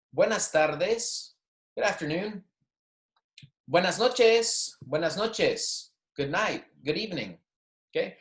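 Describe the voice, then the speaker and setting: A man's voice: medium pitch, echoey room. A man teaching a beginner Spanish lesson, repeating phrases for students and checking in with "okay?" and "right?", with light joking asides. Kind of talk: recorded classroom lecture.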